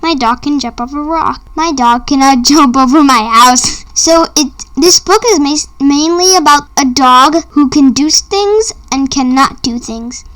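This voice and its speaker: A woman with a high voice reads a children's picture book aloud, line by line. She goes at a simple, halting pace, trips over a word now and then, and stops to add chatty asides about the story. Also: fairly bright tone. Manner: simple, halting read with small slips and asides. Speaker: read-aloud host.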